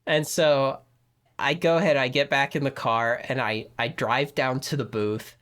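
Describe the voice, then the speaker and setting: A man's voice: mid-range voice, fairly even intonation, unhurried, fairly bright tone. Man rambling through a story. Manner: rambling anecdote with frequent "you know" and restarts. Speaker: podcast co-host telling a story. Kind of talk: casual chat.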